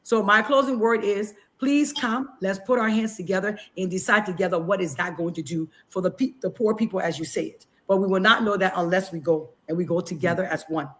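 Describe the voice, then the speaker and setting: A woman's voice: medium pitch, fairly even intonation, fairly quick, few pauses, fairly bright tone. A woman from Liberia who lives abroad, giving earnest, emotional closing remarks as a guest on a video call talk show.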